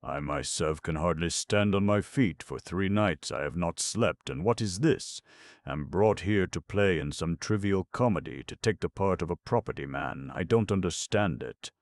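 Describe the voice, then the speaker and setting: A man doing an exhausted, grieving doctor, formal and clipped. The voice is very deep and gravelly, recorded dry with no room sound. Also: animated, moderate pace, no echo. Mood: weary, stiff. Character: weary grieving country doctor, stiff and dry. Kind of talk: audiobook character reading.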